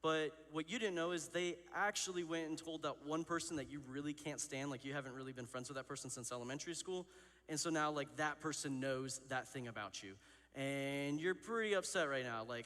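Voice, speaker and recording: A man's voice: a little high, a little fast, a bit bright. A man in his thirties giving a youth sermon as student pastor, telling a story candidly and poking fun at himself, with lots of casual fillers. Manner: candid, self-deprecating, chatty with many fillers. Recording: long hall reverb.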